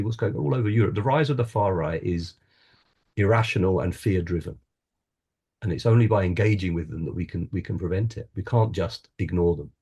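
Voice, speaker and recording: Low mellow voice, guy from scotland, earnest reflective panel storytelling. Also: breathy edge. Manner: earnest, reflective, with restarts and laughs. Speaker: wellbeing coach, panel guest. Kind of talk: personal storytelling in a panel talk.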